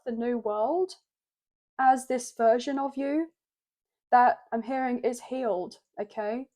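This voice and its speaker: A tarot reader with a mellow, fairly high voice gives a channelled reading to camera, choked up with emotion. Her delivery flows, and she keeps repeating "I'm hearing" as messages come through.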